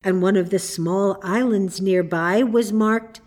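A woman reading a children's storybook aloud, slow and expressive. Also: mid-range voice. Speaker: narrator.

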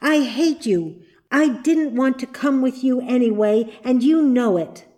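Scared little girl in a storybook, high pleading voice, slow, as a woman reads her. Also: warm tone, full character voice. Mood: angry. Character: young girl, frightened and tearful.

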